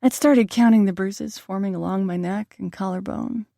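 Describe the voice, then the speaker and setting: A woman giving calm first-person audiobook narration in an even reading style. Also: medium pitch, moderate pace, creaky, dry recording, studio quality.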